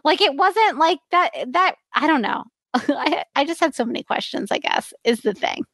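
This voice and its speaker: A woman co-hosting a casual chat, talking in an animated way and laughing between remarks. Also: high-pitched, normal speed. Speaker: podcast co-host.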